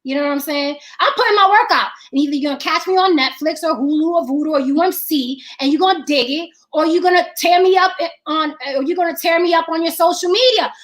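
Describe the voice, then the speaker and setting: A woman's voice: very high-pitched, quick pace, hardly any pauses. A woman filmmaker in casual chat, talking bluntly with lots of swearing and emphatic repetition.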